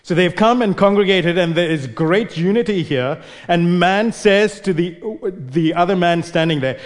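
A man's voice: high voice, normal speed, hardly any pauses, long reverb tail. A male preacher giving an expository sermon, explaining and posing rhetorical questions.

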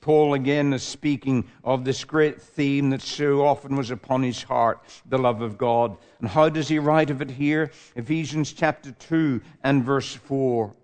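A man preaching a sermon, stressing key words hard and then dropping his voice low. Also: steady tone, measured pace, few pauses, a little mellow.

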